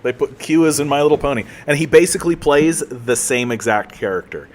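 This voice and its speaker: A man's voice: medium pitch, a little fast. Joking man streaming a game. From Canada. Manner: rambling, joking, self-mocking, many restarts. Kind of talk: casual chat while streaming a game.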